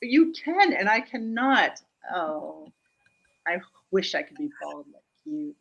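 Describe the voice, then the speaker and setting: Brief: woman from Germany, lively joking coach on a video call, mid-pitched voice. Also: gravelly, dull audio. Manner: animated, joking, quick asides; checks in with frequent "Yeah?". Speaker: guest speaker and humor coach. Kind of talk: live online interview.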